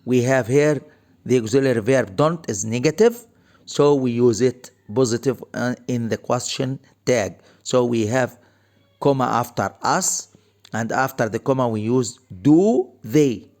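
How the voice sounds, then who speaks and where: A man teaching English grammar, explaining each point slowly and repeating key phrases. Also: mid-range voice, darkish tone. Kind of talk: recorded grammar lesson.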